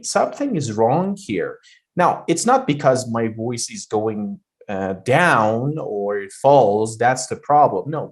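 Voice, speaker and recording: A man teaching pronunciation in a deliberate way, repeating phrases to show how the voice rises and falls. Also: medium pitch. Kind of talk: slow spoken lesson.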